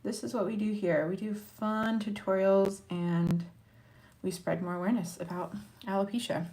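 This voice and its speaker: A young woman from Montana, USA, chats with her viewers through a casual makeup tutorial, encouraging them as she works. Her medium-pitched voice is dark in tone, with fairly even intonation and a moderate pace.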